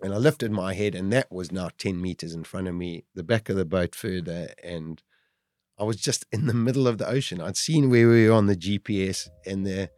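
Lively middle-aged man telling a survival story. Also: low-pitched, moderate pace, no room sound, studio quality. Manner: vivid, lively retelling, rising to shouts at dramatic moments. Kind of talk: animated first-person storytelling.

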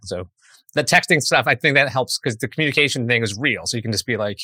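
A man's voice: medium pitch, fast, husky, dry recording, studio quality. A middle-aged man with a New York accent, chatting as a guest in an interview and acting out little scenes of dialogue. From Queens, New York. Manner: animated, acts out dialogue in quoted voices. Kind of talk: casual interview chat.

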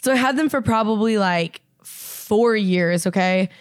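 A woman's voice: mid-range voice, measured pace, no room sound, studio quality. A woman in her twenties from Indiana, chatting casually as a podcast co-host and telling a story with lots of fillers and swearing. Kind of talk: casual chat.

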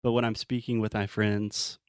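Southern-accented American man, low voice. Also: flat delivery, normal speed, dry recording, studio quality. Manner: explains with acted-out example quotes. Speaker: English teacher. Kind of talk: casual teaching chat.

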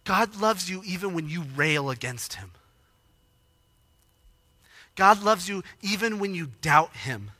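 A man preaching a sermon, emotional and animated, acting out quoted lines with rising intensity. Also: high voice, slow pace, pauses often, no echo. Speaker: pastor.

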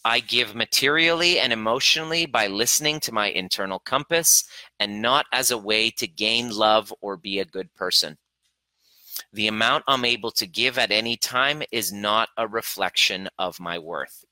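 A man's voice: on the low side, normal speed, sharp tone, dry recording, rough recording. A man coaching a live online workshop on boundaries, blunt and swearing freely, acting out the voices in his head. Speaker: relationship coach.

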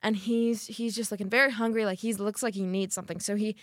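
A young woman tells a long workplace story in casual podcast chat, her sentences loose and full of fillers. Her voice sits at an ordinary middle pitch, recorded dry and close. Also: quick pace, dry recording. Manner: rambling, many "like" fillers, animated retelling. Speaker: podcast co-host.

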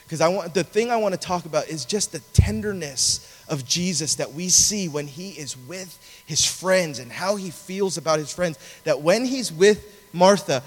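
A man preaching a sermon, telling a story in an animated, conversational way, in a large cathedral. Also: a little high. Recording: long reverb of a large hall.

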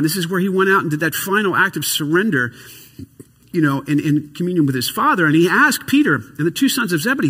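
Tired, animated preaching man, high bright voice. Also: fast talker, husky, in a large hall. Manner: animated preaching, swinging between loud emphasis and quiet asides. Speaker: pastor. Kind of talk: sermon. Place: church hall with congregation.

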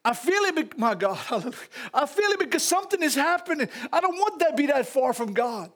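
High-voiced Louisiana Southern preacher man. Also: fast talker. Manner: animated preaching, laughing asides, call-outs to the congregation. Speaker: pastor. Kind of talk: sermon. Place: church.

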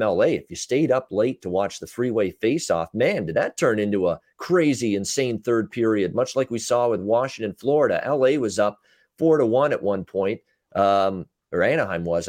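A man co-hosting a sports betting podcast, recapping games in casual chat with frequent filler pauses and a North American accent. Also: fairly low pitch, expressive, a little mellow, dry recording, studio quality. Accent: North American English. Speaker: podcast co-host, betting analyst.

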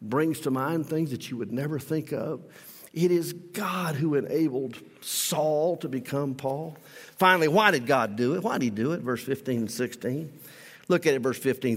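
A male pastor preaching a sermon in a church, emphatic, swinging from loud declarations to soft asides. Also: medium pitch, normal speed, in a large hall.

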